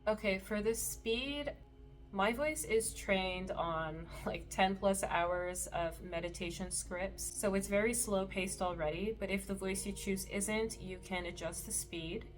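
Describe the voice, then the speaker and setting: A woman hosting a screen-recorded tutorial, explaining settings in a relaxed, explanatory way with the odd soft laugh. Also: mid-range voice, a little slow. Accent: Canadian. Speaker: meditation creator and tutorial host.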